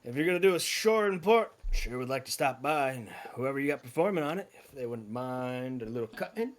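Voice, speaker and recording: A hearty potbellied ship's cook, put on by a man, drawls in a chummy, folksy way. The voice sits noticeably higher and louder than plain talk. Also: lively intonation, brisk, natural voice.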